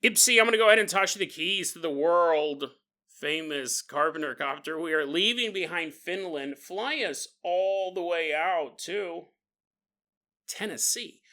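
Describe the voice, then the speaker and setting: A man hosting a podcast, telling paranormal stories in a joking, animated way and laughing often. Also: a little high, moderate pace. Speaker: podcast host. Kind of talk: comedic paranormal storytelling.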